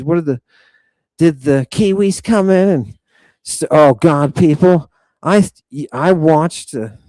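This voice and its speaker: A middle-aged man hosting a live stream, reading viewer comments and riffing on them in an excitable, profane, rambling way. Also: on the high side, dry recording. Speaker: livestream host reading chat. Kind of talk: casual live-stream chat.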